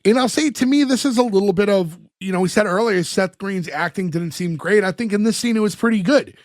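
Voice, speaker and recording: A man co-hosting a podcast, recounting a sitcom episode in casual chat and acting out quick quotes from the scenes. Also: high voice, no room sound, clean studio sound. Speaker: podcast co-host.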